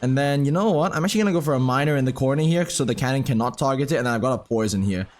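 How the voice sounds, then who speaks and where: A young man commenting on his own gameplay while telling a rambling story. He is excitable, swears freely, talks in slang and mutters about his moves as he plays. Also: medium pitch, racing, faint music behind. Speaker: gaming commentator. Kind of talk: casual storytelling over live gameplay.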